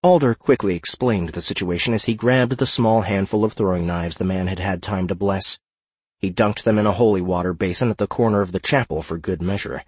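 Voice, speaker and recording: A man narrating a fantasy audiobook in a steady, measured reading. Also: low voice, slightly rough, no echo.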